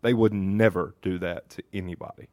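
A man's voice: low-pitched, fairly even intonation, brisk, a little mellow, no room sound. A man co-hosting a casual podcast, telling a heated, profanity-heavy story. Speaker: podcast co-host.

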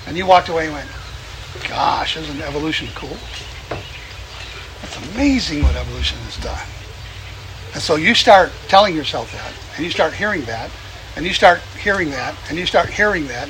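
A man gives an outdoor sermon in a folksy, easygoing manner. He chuckles as he talks and builds his points by repeating phrases. Birds and a steady hiss of outdoor noise sit behind his voice. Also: high voice. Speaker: preacher. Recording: noisy outdoor recording.

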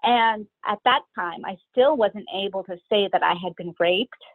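A middle-aged woman telling her own story as an interview guest, hesitant and pausing often between her thoughts. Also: mid-range voice, dry recording. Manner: hesitant, many pauses and fillers. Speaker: guest sharing personal story. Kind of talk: candid personal storytelling. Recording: tinny phone-like line, dry.

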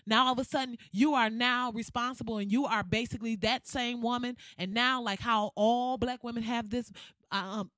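A woman hosts a podcast in a blunt, sarcastic rant full of profanity. Her voice sits a little high, and the sound is dry and close to the mic. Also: fairly bright tone, no room sound. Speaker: podcast host.

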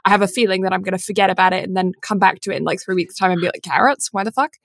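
A woman in her twenties chats on a podcast in a middle-pitched voice. She rambles and giggles and pokes fun at herself. The sound is close and dry. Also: flat delivery, very fast, gravelly, no echo. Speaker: podcast co-host. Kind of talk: casual chat.

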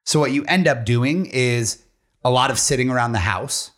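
A man from Pennsylvania co-hosting a casual podcast, slightly hoarse, talking loosely with lots of fillers and swearing. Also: medium pitch, moderate pace, fairly bright tone. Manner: loose, chatty, full of fillers and profanity. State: hoarse after a weekend party. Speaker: podcast co-host.

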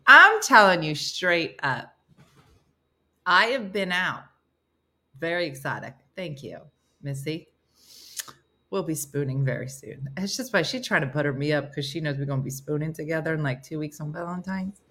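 Animated, lower-voiced New Jersey woman host. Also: moderate pace. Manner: animated, joking, laughs often. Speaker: live-stream morning show host. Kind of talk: casual chat reading viewer comments.

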